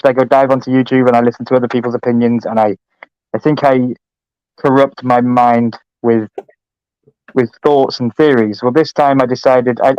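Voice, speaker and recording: A man's voice: mid-range voice, smooth, no echo. A man on a video call, talking enthusiastically as a guest. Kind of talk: casual chat. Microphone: computer mic on a call. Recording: dull, dry computer call audio.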